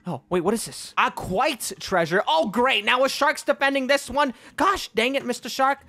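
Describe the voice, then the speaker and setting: A woman playing a video game and commenting on it, excitable, panicky and playful. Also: high-pitched, normal speed, no room sound. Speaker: gaming YouTuber.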